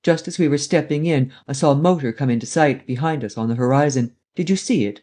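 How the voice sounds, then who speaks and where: A man voicing Lupin, a witty, mocking gentleman thief, in a read-aloud adventure story. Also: fairly high pitch, quick pace, close to an everyday voice. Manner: mocking, jaunty.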